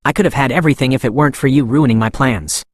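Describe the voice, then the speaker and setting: A man voicing an arrogant, cruel young male prince who rants and then begs, read in a recap narration with a mid-pitched voice in a dry recording. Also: quick pace, dry recording, close to an everyday voice. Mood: enraged. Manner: ranting, then begging.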